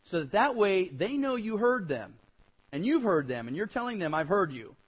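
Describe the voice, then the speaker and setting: A high-pitched man delivers a children's Bible lesson, emphatic and insistent, often repeating himself for effect. He livens it up by mimicking whiny kids. The recording sounds dull and lo-fi. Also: moderate pace, husky. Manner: animated, acts out whiny kid replies; repetitive, emphatic admonishing. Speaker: Bible teacher addressing children.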